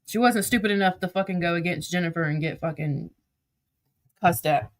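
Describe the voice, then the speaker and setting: A woman with a Southern accent speaks briskly in a lowish voice while hosting a livestream. Her casual storytelling is full of cursing, and she reads text messages out loud.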